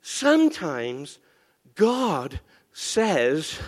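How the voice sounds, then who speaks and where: In a large church hall with long reverb, a pastor with a voice high for a man preaches a lively sermon very slowly. He's animated and playful, teasing the congregation and drawing amens from them in call-and-response.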